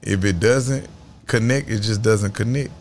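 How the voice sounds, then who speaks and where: A man's voice: lowish voice, unhurried, a little mellow, a little hiss or hum. A man in his thirties, a guest in a casual interview, talking in a blunt, preachy and self-assured way. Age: 30s.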